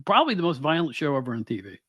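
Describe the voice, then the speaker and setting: A man from upstate New York hosts a casual podcast, talking nostalgically and laughing often. His voice is a little high and swings widely in pitch. The sound is dry and close. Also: big pitch swings, very fast, a bit bright, no echo. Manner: chatty and nostalgic, with frequent laughs and restarts. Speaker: podcast host.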